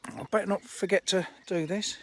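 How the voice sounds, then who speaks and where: Fishery owner on a live stream: man, high voice, jokey and teasing, chatting outdoors by the lakes. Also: steady tone, normal speed. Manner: joking, teasing banter with viewers. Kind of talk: casual live-stream chat.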